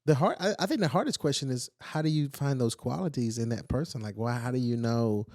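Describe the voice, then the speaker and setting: A man's voice: mid-range voice, fairly quick, hardly any pauses, darkish tone, no echo, studio quality. A man hosting a podcast interview, talking reflectively and asking searching questions. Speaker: podcast host. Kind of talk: casual conversational interview.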